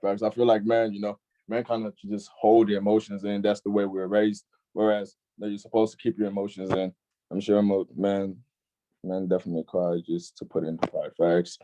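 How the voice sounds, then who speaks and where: Brief: young male youth-group host, low mellow voice, laid-back, keeps saying "facts.". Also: level tone, a little fast, highs cut off. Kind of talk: casual online group discussion.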